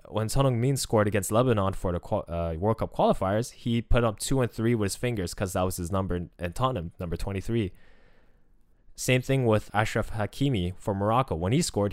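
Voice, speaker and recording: A man's voice: lowish voice, no room sound, clean studio sound. A young man talking casually and emotionally about football, rambling with many restarts. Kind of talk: casual spoken commentary.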